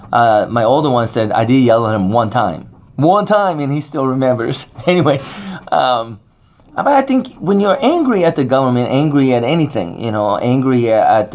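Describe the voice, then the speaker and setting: Rambling middle-aged man giving a talk. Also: medium pitch. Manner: rambling and conversational, many fillers and restarts. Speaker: speaker at a faith talk. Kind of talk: casual talk on scripture.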